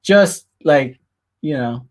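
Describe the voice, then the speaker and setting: Halting man rambling through a casual vlog. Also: on the high side, animated. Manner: halting, full of fillers and restarts. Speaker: dating coach vlogger. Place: Japan.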